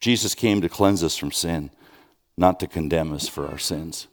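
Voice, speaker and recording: A man preaching a sermon, conversational with restarts and rhetorical questions, dropping soft and then rising with urgency. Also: sits low, moderate pace. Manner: swings from soft, hushed lines to raised, urgent questions. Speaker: pastor.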